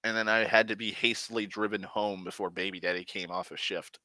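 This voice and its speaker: Young guy rambling thru a story, cussing a lot, bright edge, pretty low voice, dry close sound. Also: steady tone, fairly quick, no room sound. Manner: rambling, profane, often backtracks and corrects himself. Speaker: host. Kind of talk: casual storytelling monologue.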